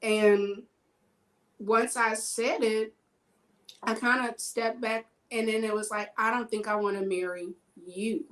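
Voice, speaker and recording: A woman telling personal stories in casual chat, animated and acting out the dialogue in her stories. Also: on the high side, slow pace, low-quality recording. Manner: animated, acts out quoted dialogue.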